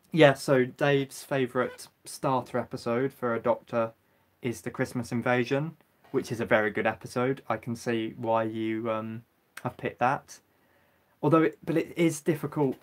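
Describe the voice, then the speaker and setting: Young English guy, livestream host, mid-pitched, chatty and halting, lots of ums while reading viewer comments. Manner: rambling, hesitant, many ums. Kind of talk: casual live chat answering viewer comments.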